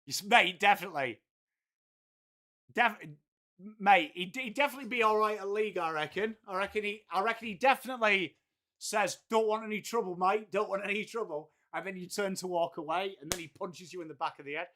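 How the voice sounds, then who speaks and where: Man, live cricket watchalong host, crude banter, high lively bright voice. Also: brisk. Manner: crude, banter-heavy, reads chat aloud. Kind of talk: casual cricket watchalong commentary.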